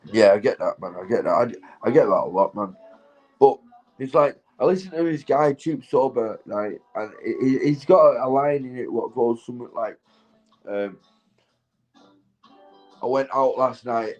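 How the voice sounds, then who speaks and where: A man talks in a loose, rambling vlog monologue while stoned. He swears constantly, drifts between thoughts, and breaks into laughter. His voice sits at an ordinary, mid-range pitch. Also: normal speed, darkish tone, dull audio, soft background music. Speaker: vlogger.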